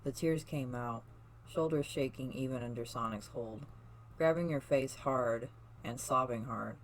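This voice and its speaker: A storyteller reading a second-person fan story aloud, soft-spoken, with small slips and restarts. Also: medium pitch, unhurried, slight background noise, poor audio. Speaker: fan fiction reader.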